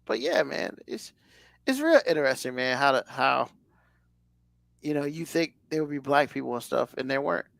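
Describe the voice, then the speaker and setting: A man's voice: medium pitch, lively intonation, moderate pace, gravelly, a bit bright, no echo, clean studio sound. A man co-hosting a podcast, chatting casually in a rambling way full of fillers. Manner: rambling, loose, lots of fillers. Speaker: podcast co-host. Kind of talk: casual chat.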